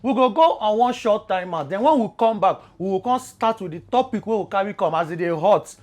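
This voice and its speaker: A man's voice: sits high, animated, fairly quick, darkish tone. A young man with a Nigerian accent hosting a talk show in pidgin, echoing his guest's words back.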